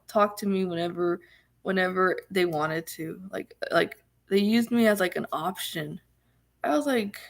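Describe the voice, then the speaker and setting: A woman's voice: mid-range voice, vocal fry. A young woman vlogger casually telling viewers a personal story, chatty and full of restarts and laughter.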